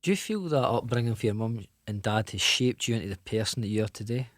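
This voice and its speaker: A man hosts an interview and asks brisk, short questions at a middling pitch. He prompts his guest with quick follow-ups. The sound is dry, with no room around it. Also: no echo. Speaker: interviewer, host.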